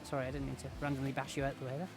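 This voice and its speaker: A man's voice: mid-range voice, monotone, rapid-fire, music in the background. A man chatting in a rambling, self-mocking way while commentating his own gameplay on a stream. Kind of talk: casual game-stream commentary.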